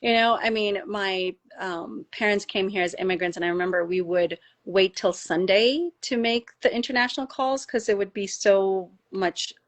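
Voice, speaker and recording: A middle-aged woman from the United States, a doctor telling a personal story in casual conversation, animated and rising high when she gets emotional. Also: normal speed, few pauses. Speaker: doctor and podcast guest.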